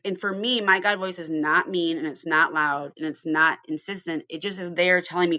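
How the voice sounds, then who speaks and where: A woman's voice: fairly low pitch, steady tone, fairly quick, hardly any pauses, bright, forceful tone, no room sound. A woman from Ohio hosting a casual recovery podcast, earnest and storytelling, often asking her guests questions. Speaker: podcast host.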